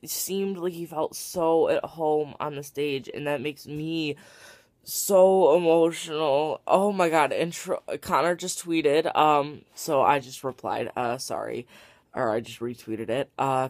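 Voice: medium pitch, a little mellow. A young adult vlogger speaks casually to camera at home, worn out but overflowing with feeling. The voice sits mid-height and the sound is dry and close, with no room echo. Sentences tumble out with fillers and restarts. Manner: gushing and emotional, rambling with many fillers and restarts. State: tired and worked up. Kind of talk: casual late-night vlog to camera.

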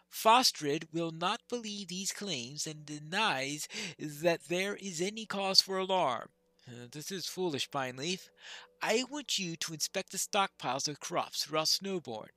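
A game player reading a grave male quest-giver's lines aloud in a plain, unhurried voice. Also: mid-range voice, sharp tone, dry recording. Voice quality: plain read-aloud delivery.

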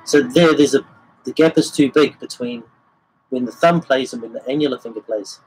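A man's voice: medium pitch, normal speed, husky, rough recording. A man giving a casual livestream guitar lesson, explaining the technique and singing rhythms as syllables. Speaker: guitar teacher. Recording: guitar playing behind the voice.

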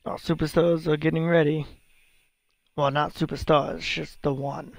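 A man hosting and giving excitable play-by-play wrestling commentary, yelling at big moves. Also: a little high, measured pace, creaky, no room sound. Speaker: host and commentator. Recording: loud crowd and noise.

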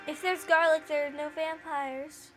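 A woman's voice: high voice, little pitch movement, unhurried, soft background music, low-quality recording. A woman chatting playfully through a let's play, with quirky asides while reading the game's lines. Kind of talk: casual gameplay commentary.

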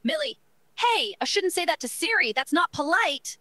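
A woman's voice: a little high, lively intonation, moderate pace, dry recording, close to an everyday voice, poor audio. A synthetic woman's voice reading a young British chatbot character, narrating her own actions in a prim tone. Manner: reads actions and lines aloud, prim. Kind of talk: text-to-speech chatbot roleplay.

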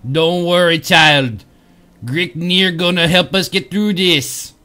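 A man voicing a solemn male troll soothsayer in a put-on Jamaican-style accent, slow and booming. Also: pushed and bright, full character voice. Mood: alarmed. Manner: slow, booming, hammy delivery.

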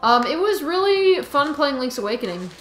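Easygoing Canadian woman, higher voice. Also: big pitch swings, moderate pace, a bit bright. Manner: easygoing, agreeable, chatty. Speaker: let's play co-host. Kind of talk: casual gameplay chat. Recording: echoey room with faint game music.

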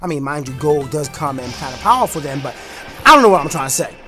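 A young man giving excited, rambling commentary while playing a racing game, shouting at rivals and breaking into freestyle raps. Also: on the high side. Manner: animated, bursts into shouts and freestyle rapping, fast rambling asides. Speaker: gaming YouTuber. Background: game music.

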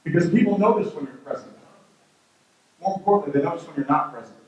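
A man in his thirties tells a comic parenting story as a keynote speaker, acting out the quotes as he goes. His voice sits fairly high and comes from some distance off the mic. The sound bounces around a big, very echoey hall. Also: lively intonation, quick pace, highs cut off. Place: large hall with an audience. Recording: very echoey hall, heard from afar.

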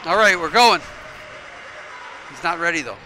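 Calling a high school basketball game for local coverage, this expressive play-by-play man has a slightly higher-than-usual voice. He fires off quick calls on passes and shots with coaching asides mixed in, over a noisy gym full of crowd sound and bouncing balls.

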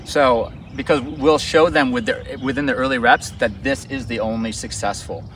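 A man's voice: mid-range voice, fairly even intonation, normal speed, a bit bright. A male dog trainer explaining a training exercise outdoors in a loose, enthusiastic, rambling way. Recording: distant outdoor mic with faint traffic noise.

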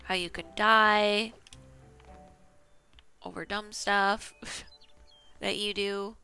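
A woman's voice: mid-range voice, flat delivery, drawn-out words, creaky, pushed and bright, clean tone, faint music behind. A woman casually talking to herself as she plays a video game, chatty and self-mocking. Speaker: gaming channel host. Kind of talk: casual gameplay commentary.

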